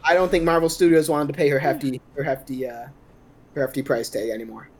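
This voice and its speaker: A man's voice: on the high side, steady tone, quick pace, a loud crowd. A man giving a rambling, sarcastic, profane movie recap on a podcast. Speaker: podcast co-host.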